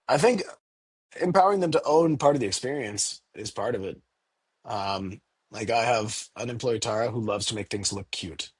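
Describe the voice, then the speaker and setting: A candy store owner in a casual interview, talking animatedly and acting out little quoted exchanges in a raised voice. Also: male voice, medium pitch, moderate pace, husky, no room sound.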